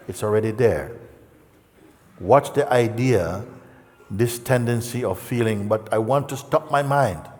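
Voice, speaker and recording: A man giving a gentle, conversational spiritual talk in a large hall, acting out the people he quotes. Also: lowish voice. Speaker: spiritual teacher. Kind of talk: satsang talk. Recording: reverberant hall.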